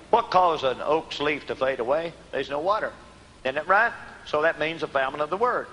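A man preaches a sermon in a slightly high, bright and forceful voice. He questions his congregation and answers himself, punching single words loudly before sinking back down low. The sound rings with a long hall reverb. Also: normal speed. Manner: rising to emphatic shouts on key words, then dropping low.

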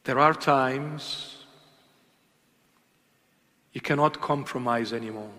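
A man's voice: mid-range voice, slow. Impassioned male preacher in a reverberant church. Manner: emphatic, swings between loud calls and hushed intimate asides. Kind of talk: impassioned sermon.

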